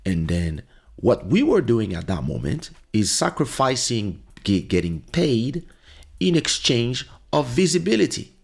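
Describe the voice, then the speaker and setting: A man's voice: medium pitch, very animated, a little slow, gravelly, slightly rough. A man hosting a podcast, telling a casual story with fillers and restarts and acting out quoted lines. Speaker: podcast host. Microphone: studio microphone.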